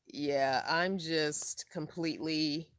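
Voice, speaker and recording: Tired low-voiced woman chatting on a live stream. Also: fairly even intonation, slow pace, dry recording. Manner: laid-back, rambling, reads viewer comments aloud. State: tired from lack of sleep. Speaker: van-life vlogger hosting a live stream. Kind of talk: casual live-stream chat.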